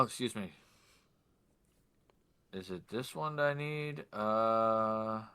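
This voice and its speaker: A man's voice: on the low side, sharp tone. A man narrating a tabletop game as game master in a casual, rambling way, muttering to himself at times.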